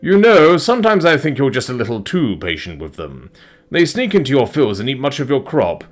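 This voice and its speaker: A man voicing a kind, motherly female dragon who speaks politely and teases gently in a storybook reading. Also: mid-range voice, wildly swooping pitch, a little fast, voice pushed up. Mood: fond teasing. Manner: polite, wistful, playful.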